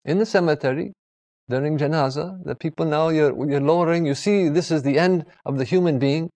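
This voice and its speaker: A preacher with a fairly high, brisk, slightly mellow voice delivers an earnest sermon. He repeats key phrases and adds pious blessings after names.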